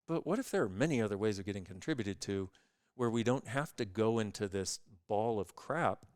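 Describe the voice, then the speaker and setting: A man appearing as a guest, telling stories in an animated way and acting out other people's voices as he goes. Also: on the low side, a little fast, dry recording, clean studio sound. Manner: acts out other people's voices in lively quoted dialogue. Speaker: guest speaker on consciousness. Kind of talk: animated storytelling in conversation.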